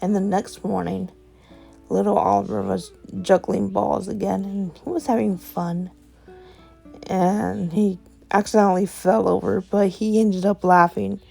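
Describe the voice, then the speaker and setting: A woman's voice: mid-range voice, steady tone, unhurried, gravelly, mellow, soft background music. A woman narrating an improvised bedtime story in a meandering way, with fillers and self-corrections.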